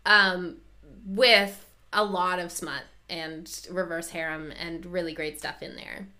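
Podcast co-host, woman, bright and energetic, full of "like"s. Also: fairly low pitch, slow pace. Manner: enthusiastic, lots of "like" and restarts. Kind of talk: casual chat.

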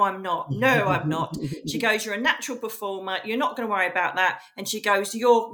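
A woman guest on a podcast, telling her story in a casual, animated and emphatic way and acting out the voices she quotes. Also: medium pitch. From England. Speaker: podcast guest, psychic medium.

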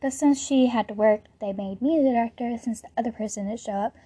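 A woman in her late teens hosts a casual podcast monologue, rambling loosely through her stories and packing them with "like" fillers. Her voice is fairly high, mellow and husky, and she talks a little fast.

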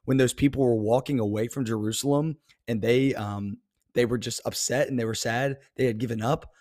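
A man's voice: medium pitch, fairly even intonation, a little fast, darkish tone, no room sound, studio quality. Earnest young man preaching on a podcast. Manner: earnest, many fillers and restarts, laughs to himself. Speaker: podcast host. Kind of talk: faith talk on a podcast.

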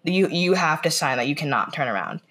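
An American woman is a guest on a casual podcast, rambling and restarting, packing her speech with "like," and retelling scenes by quoting the lines. Her voice is deep, husky, and fairly bright, with lively intonation and a fairly quick pace.

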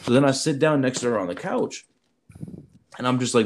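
A man, a military recruiter, telling a story in casual chat, animated and slangy, with loud swings in delivery. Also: medium pitch, brisk, long pauses.

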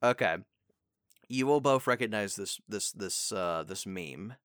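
Lively, bright-voiced man talking voice acting. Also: on the low side, a little slow, clean tone, no room sound, studio quality. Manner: loose, rambling advice with fillers and acted line readings. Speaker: voice actor. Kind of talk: casual chat.

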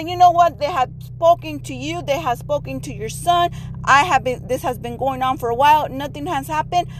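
A woman's voice: sits high, slight background noise, poor audio. A middle-aged woman hosting a podcast in a blunt, emphatic casual monologue, now and then dropping in Spanish phrases. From Mexico heritage. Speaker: podcast host.

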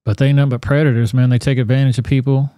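A man hosting a podcast, commenting on a news video in a blunt, profane, animated rant. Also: mid-range voice, rapid-fire, no room sound, studio quality. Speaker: podcast host.

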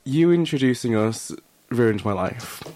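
A man's voice: medium pitch, animated, unhurried, darkish tone, a little hiss or hum. A young man co-hosting a casual podcast, sassy and sarcastic, swearing freely. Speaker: podcast co-host. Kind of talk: casual banter.

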